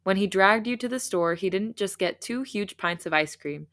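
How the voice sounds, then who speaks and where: A woman podcast host reading fan fiction aloud and breaking into animated, laughing asides. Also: mid-range voice, moderate pace.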